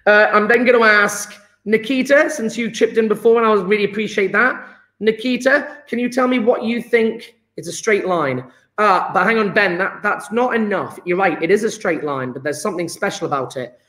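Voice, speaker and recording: A man's voice: sits high, moderate pace, bright, forceful tone. A man teaching a live online chemistry lesson, chatty and encouraging, quizzing students by name. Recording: echoey room.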